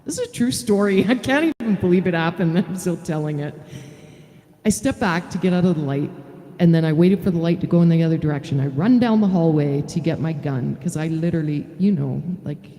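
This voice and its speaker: A woman's voice: fairly low pitch, expressive, a little fast, dark tone. A middle-aged woman, a singer-songwriter, chatting frankly and telling a story on a live stream. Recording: reverberant room with faint guitar.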